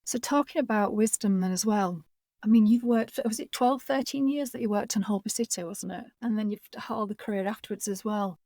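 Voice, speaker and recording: A woman leads an interview, asking career questions and backing her guest with steady murmurs of agreement. Her voice is mellow and warm, and the sound is dry and close. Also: mid-range voice, no echo. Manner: encouraging, with frequent affirming murmurs.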